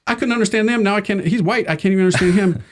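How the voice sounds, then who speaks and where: A middle-aged man, a priest, tells an animated story as an interview guest, using casual slang, laughing often, and acting out the people in it. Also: high-pitched, rapid-fire, slight background noise.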